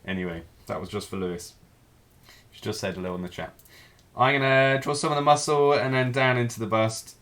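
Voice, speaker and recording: A man teaching a live figure drawing class, talking through each stroke as he draws, in a relaxed, thinking-aloud way. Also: mid-range voice, fairly quick.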